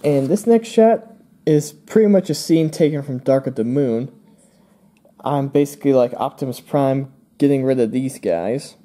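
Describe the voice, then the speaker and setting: A man's voice: mid-range voice, fairly even intonation, normal speed, warm tone. A young man hosting his own channel, casually walking through his old drawings in a rambling way, with fillers and playful asides. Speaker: channel host.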